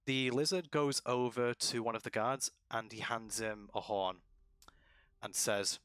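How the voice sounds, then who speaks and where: Male game master narrating, relaxed, bright tone. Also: on the low side, smooth, no room sound. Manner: relaxed, many ums and pauses. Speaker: dungeon master.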